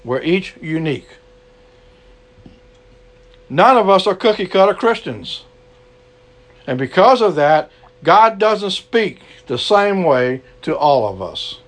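A man's voice: high-pitched, big pitch swings, takes it slowly, pauses often. A man preaching an earnest sermon to an online gathering, repeating his key lines and closing in prayer.

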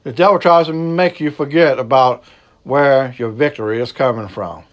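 A man with a Cajun accent from the American South, preaching a sermon with emphatic repetition and sudden low, slow drops for emphasis. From Southern United States. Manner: emphatic preaching, repeats key phrases, drops to a low slow hush for stress. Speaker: pastor.

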